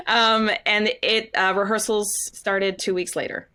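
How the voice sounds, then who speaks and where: A woman in her thirties, a stage actress, telling stories in an interview in a candid, animated way, acting out quotes and laughing often. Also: mid-range voice, slow pace, clean tone. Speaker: guest, Broadway actress.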